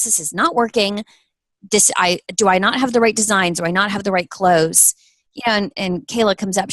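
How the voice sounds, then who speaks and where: A woman's voice: mid-range voice, brisk, a bit bright, dry recording, poor audio. A woman in her thirties talks earnestly about her business in an interview. She tells stories animatedly and slips into quoted voices. The sound is close and dry. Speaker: guest, apparel business owner. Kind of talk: interview conversation.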